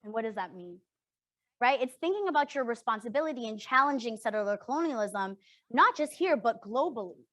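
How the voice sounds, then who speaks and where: امرأة شابة من كندا تقدّم ورشة عمل تفاعلية بصوت مرتفع قليلًا، تتحدث بجدية وحماس وتسأل كثيرًا "صح؟"، والتسجيل جاف بلا صدى تقريبًا. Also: female voice, on the high side, animated, fairly quick, fairly bright tone, dry recording. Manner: earnest, emphatic, often checks in with "right?". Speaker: workshop facilitator. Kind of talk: interactive workshop talk.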